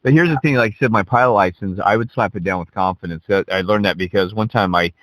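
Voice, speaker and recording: A man telling his own story in casual chat, chatty and jumping in with quick laughs. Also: on the low side, a bit bright, no room sound, low-quality recording. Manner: chatty, jumps in, quick back-channel laughs.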